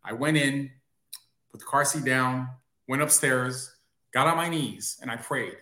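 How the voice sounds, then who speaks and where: A man's voice: medium pitch, a little slow, sharp tone. A man, a guest on a talk show, earnestly telling a personal story. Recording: roomy echo on his voice.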